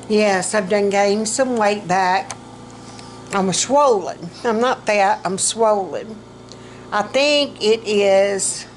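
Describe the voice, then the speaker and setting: A woman's voice: mid-range voice, a little hiss or hum, poor audio. A middle-aged woman, vlogging casually about her health, rambling and self-mocking, and short of breath.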